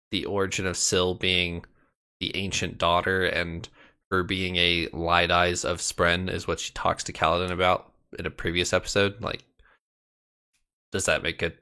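A man with a very deep voice walks his co-hosts through scenes from a book. He explains point by point in a casual, conversational way. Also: sharp tone, smooth. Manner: explanatory, recaps plot in detail. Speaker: podcast co-host.

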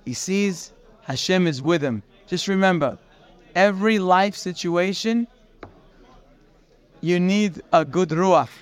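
A man giving a daily morning Torah class, telling the story in an animated way and dropping in Hebrew terms. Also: sits high, slow, long pauses, clean tone. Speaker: Torah teacher.

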